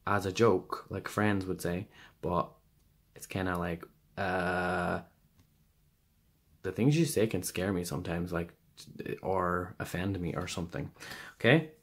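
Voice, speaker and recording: A man's voice: low voice, measured pace, pauses often, fairly bright tone, slightly rough. A man giving a casual pick-a-card tarot reading, rambling and hesitant, with many fillers and restarts. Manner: rambling and hesitant, full of fillers and self-corrections.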